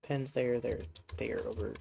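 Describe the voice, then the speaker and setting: A man's voice: medium pitch, fairly even intonation, a little slow, vocal fry, warm tone, a little hiss or hum. Congested man chatting through a game. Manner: chatty, rambling, talks to his horses. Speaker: streamer. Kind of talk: casual gameplay commentary.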